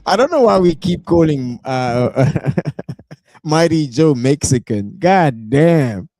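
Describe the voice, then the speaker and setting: A South African man doing live reaction commentary, animated and prone to bursting into shouts and whoops. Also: fairly high pitch, slow, no echo. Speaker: reaction streamer.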